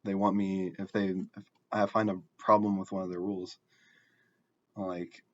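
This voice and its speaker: A young man telling a personal story in a casual, halting way, often restarting and filling pauses. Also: sits low, flat delivery, lo-fi sound. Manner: halting, self-correcting, frequent fillers.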